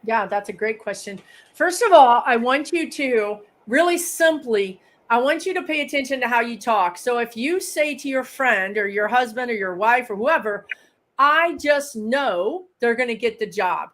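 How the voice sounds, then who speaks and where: A woman speaking as a guest psychic medium in a casual live chat, explaining with everyday examples and lively quoted phrases. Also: on the high side, moderate pace.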